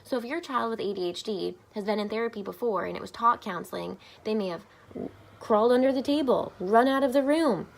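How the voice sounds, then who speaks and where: A woman's voice: on the high side, brisk, vocal fry. A woman family therapist, speaking upbeat and informally to parents, with frequent "um" fillers. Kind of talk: informational talk to camera.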